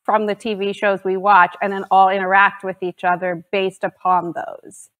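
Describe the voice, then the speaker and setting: A woman's voice: medium pitch, little pitch movement, narrow, tinny audio. A woman with a mid-range voice speaks as a podcast guest. She talks in a reflective, easygoing way and agrees readily. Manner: agreeable, reflective, quick affirmations. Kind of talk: casual interview chat.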